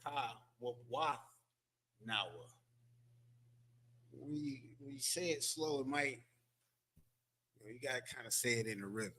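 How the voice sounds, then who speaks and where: A man's voice: mid-range voice, animated, measured pace, pauses often, pushed and bright, slight background noise. A man teaching a language lesson from a board in a loose, conversational way, full of fillers and repeated words. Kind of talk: teaching from a board, casual lecture. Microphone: streaming setup.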